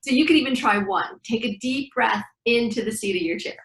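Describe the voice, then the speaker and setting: Brief: middle-aged woman breathwork teacher, lively storyteller, recorded in a reverberant room. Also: on the high side, brisk. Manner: animated storyteller acting out dialogue. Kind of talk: guiding breathing exercises in an interview. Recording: echoey room.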